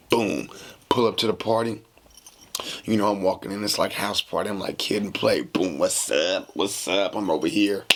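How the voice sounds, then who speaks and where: A podcast host tells a casual story in a slangy, animated way, acting out the dialogue. His voice sits on the low side with vocal fry, and there's slight background noise.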